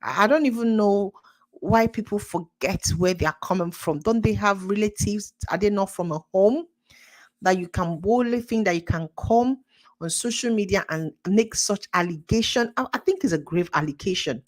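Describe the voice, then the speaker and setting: A woman's voice: medium pitch, normal speed. A young adult woman with a Nigerian accent, commenting indignantly on social media news in a casual chat, laughing now and then. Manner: indignant, exclaiming, laughs often. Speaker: commentary channel host.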